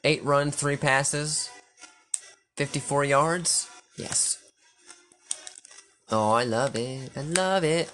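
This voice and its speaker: A man commenting casually on his own football video game, thinking aloud, swearing freely and getting excitable on big plays. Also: a little high, drawn-out words, long pauses, soft background music.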